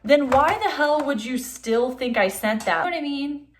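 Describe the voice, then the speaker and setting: A young adult woman casually reviewing a film for her vlog, chatty and exasperated, with a steady stream of "like". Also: high voice, normal speed, a little hiss or hum.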